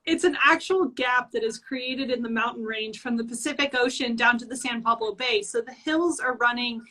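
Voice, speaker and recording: A woman's voice: fairly high pitch, normal speed, sharp tone. A woman winegrower joining a live online tasting over a video call, explaining her region in a friendly way. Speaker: winegrower, guest. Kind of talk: casual live-stream chat.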